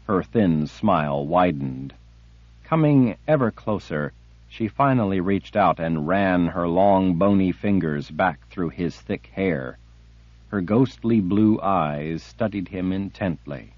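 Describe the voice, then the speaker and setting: A man narrating a fantasy audiobook slowly and expressively. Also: deep voice, lively intonation, dry recording, lo-fi sound. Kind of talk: scripted narration.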